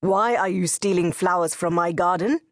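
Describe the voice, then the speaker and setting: A quick-tempered retired husband, put on by a woman reading the story who grumbles and bristles at every little offence. The voice sits low and close, with no room around it. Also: no room sound, close to an everyday voice. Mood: indignant. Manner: indignant, grumbling retorts.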